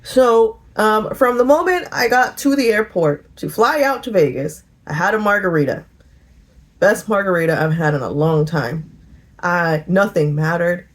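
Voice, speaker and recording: A middle-aged woman chatting casually in a get-ready-with-me vlog, telling a lively story with laughter. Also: fairly low pitch, a little slow. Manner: animated storytelling, laughing and singing along. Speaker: vlogger.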